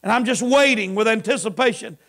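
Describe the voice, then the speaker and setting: A middle-aged preacher with a very high voice delivers an impassioned sermon. He rises into shouted climaxes and drops into hushed storytelling. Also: brisk. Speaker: pastor. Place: church camp meeting.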